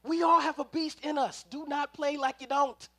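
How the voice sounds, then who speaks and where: A man preaching a storytelling sermon at a live service, animated and swinging from loud bursts to hushed tones. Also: extremely high pitch, normal speed. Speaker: preacher at a spiritual center.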